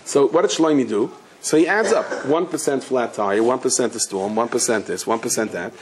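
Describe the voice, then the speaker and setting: A man's voice: mid-range voice, moderate pace, slight background noise. A rabbi giving a storytelling sermon, talking to his audience in a casual, joking way and answering his own questions. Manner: conversational, humorous, asks the audience questions and answers them.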